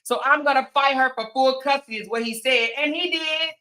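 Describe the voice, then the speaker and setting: A woman's voice: high voice, a little fast, sharp tone. A woman hosting a gossip commentary, talking in a sassy, mocking, emphatic way. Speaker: commentary channel host.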